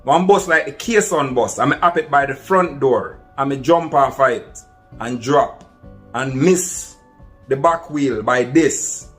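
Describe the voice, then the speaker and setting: A man's voice: mid-range voice, takes it slowly, faint music behind. A man with a Jamaican accent tells a true story to his viewers in an earnest, casual way and calls them "my people". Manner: earnest, addresses listeners as "my people". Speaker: vlogger. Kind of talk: casual first-person storytelling.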